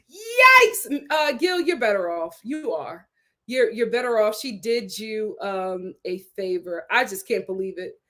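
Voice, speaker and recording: A woman hosting a live-stream recap of a reality show, talking in a dramatic, animated way and laughing often. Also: medium pitch, a little slow. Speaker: reality TV review host.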